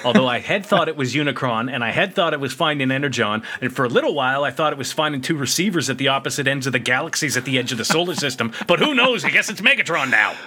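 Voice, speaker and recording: A man's voice: mid-range voice, expressive, quick pace, few pauses, sharp tone. A man co-hosting a podcast, recapping a cartoon episode in casual chat, joking, laughing often and acting out quotes. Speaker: podcast co-host.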